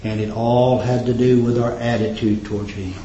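An impassioned man delivers a sermon, his voice climbing into high, ringing cries before dropping low again. His voice rings around an echoing room. The recording sounds a little dull. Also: flat delivery, normal speed, mellow. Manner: impassioned, rising to high exclamations. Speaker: preacher. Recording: roomy, slightly dull recording.

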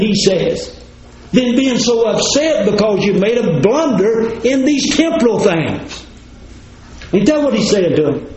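A man's voice: high voice, a little mellow, a little hiss or hum. A man preaching a sermon in a folksy, plain-spoken way, talking straight to his congregation. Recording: roomy, slightly dull recording.

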